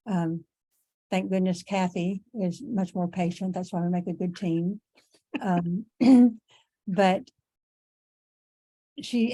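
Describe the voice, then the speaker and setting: A middle-aged woman teaching an online class in a conversational way, repeating herself for emphasis and clearing her throat as she loses her voice. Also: lowish voice, dark tone. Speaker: instructor.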